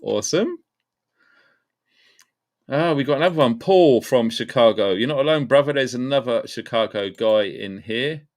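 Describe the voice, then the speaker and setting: A man's voice: medium pitch, normal speed, pauses often. A man hosting a live stream, chatting casually and greeting viewers one by one by name and place. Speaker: livestream host.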